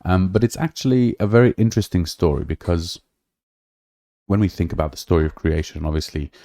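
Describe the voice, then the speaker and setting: This man's voice is low and mellow, and he speaks a little fast while hosting a podcast. He chats casually in a livestream manner, rambling with lots of fillers and false starts. The audio is clean studio sound without echo.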